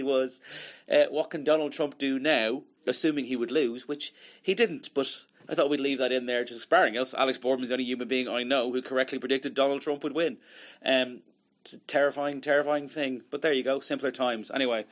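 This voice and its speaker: Male podcast host, relaxed and self-mocking, casual chat. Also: mid-range voice. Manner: chatty, self-deprecating.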